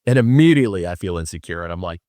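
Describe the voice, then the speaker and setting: A man's voice: low-pitched, expressive, rapid-fire, dark tone, dry recording. A young man hosting a podcast, telling stories in a loose, joking way with lots of fillers. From Wisconsin. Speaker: podcast host. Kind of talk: casual storytelling monologue.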